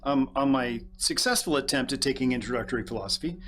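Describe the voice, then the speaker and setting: A man's voice: medium pitch, fast, a bit bright, a little hiss or hum. A man co-hosting a talk show, telling rambling self-deprecating stories with restarts and laughs. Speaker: co-host. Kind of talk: casual talk-show chat.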